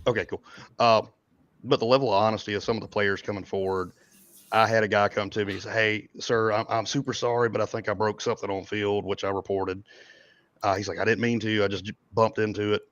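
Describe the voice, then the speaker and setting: A man's voice: on the low side, level tone, a little fast, fairly bright tone, no echo. A man in his forties chatting casually on a livestream, rambling and chuckling as he talks. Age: 40s. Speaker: event organizer. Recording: dull dry lo-fi mic.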